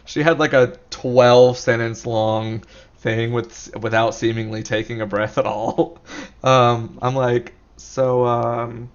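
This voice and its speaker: A man's voice: medium pitch, fairly even intonation, slow, lo-fi sound. A man describing his character's actions in a casual tabletop role-play, hesitant and full of fillers. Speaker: tabletop game player.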